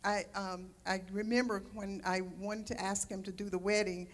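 Woman, fervent church introduction, testimonial, frequent amens, mid-pitched voice. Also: level tone, normal speed. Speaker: church minister introducing the speaker. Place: church sanctuary.

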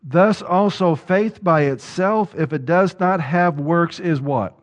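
A man's voice: a little high, slow pace. A male pastor preaching a sermon, putting rhetorical questions to the congregation and repeating words as he drives a point home.

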